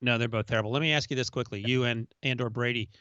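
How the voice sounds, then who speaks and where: A man co-hosting a sports podcast, putting questions to the others in a quick, direct way. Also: medium pitch, steady tone, bright, forceful tone, smooth, dry recording, muffled recording. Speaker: podcast co-host. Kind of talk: casual sports chat.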